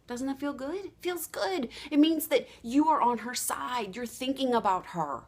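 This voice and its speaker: Woman sales coach, animated, acts out little dialogues, lively pitch. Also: normal speed. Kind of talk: motivational training talk.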